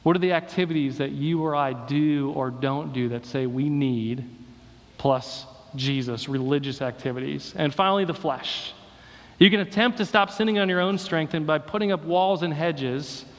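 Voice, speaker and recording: A male pastor preaches in a fairly high voice, pressing his point with repeated rhetorical questions. His words ring out with a long echo, as though he is speaking in a church sanctuary. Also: moderate pace. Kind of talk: sermon. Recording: long reverb of a hall.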